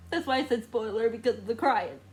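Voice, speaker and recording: A woman's voice: on the high side, a little mellow. A woman book vlogger talking casually and emotionally, crying and laughing through tears as she talks to the camera. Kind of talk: casual reading vlog.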